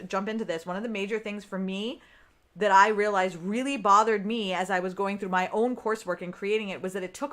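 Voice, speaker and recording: A woman's voice: mid-range voice, fairly bright tone. A woman business coach chatting live on her podcast to her viewers, often tagging "right?" onto her points. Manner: chatty, keeps asking "right?"; talks straight to her viewers. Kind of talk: live-streamed podcast chat.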